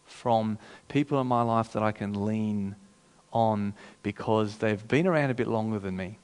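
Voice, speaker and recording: A pastor preaching a sermon in a conversational, emphatic way, repeating phrases for effect. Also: male voice, mid-range voice.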